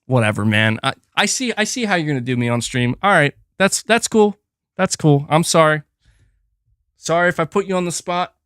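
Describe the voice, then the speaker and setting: A man with a somewhat higher voice hosts a gaming livestream in loose, chatty fashion, keeping the talk going while he coaxes his cat. He sits close to a desk mic in a dry, dead room with no echo. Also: expressive, normal speed, a bit bright, smooth. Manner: chatty, keeps breaking off to coax his cat. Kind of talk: casual live-stream chat.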